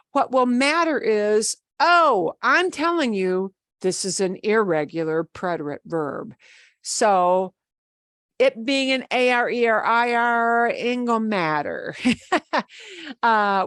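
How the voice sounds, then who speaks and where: A woman teaches a language class at an unhurried, measured pace. She explains patiently and casually, often repeating points and spelling words out letter by letter. Her voice sits at a middle pitch and is recorded close and dry, with no room sound. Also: no echo. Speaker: Spanish teacher. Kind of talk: online class lecture.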